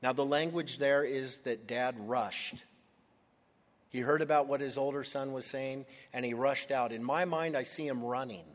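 A man's voice: mid-range voice, normal speed. A man preaching a sermon, retelling a story expressively and acting out the voices of its characters. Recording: long hall reverb.

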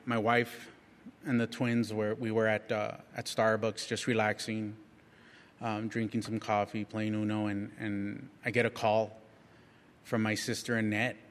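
Middle-aged man telling a testimony in a hall. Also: lowish voice. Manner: frank and self-mocking, chatty with lots of restarts. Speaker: church speaker sharing a testimony. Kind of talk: candid personal testimony, casual storytelling. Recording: long reverb of a large hall.

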